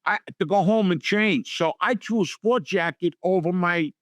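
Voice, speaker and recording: Middle-aged New guy, raised pitch, bone-dry mic, lively raconteur doing voices for everyone he quotes. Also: moderate pace, no echo. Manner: animated storyteller acting out quotes in voices. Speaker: guest. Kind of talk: storytelling interview.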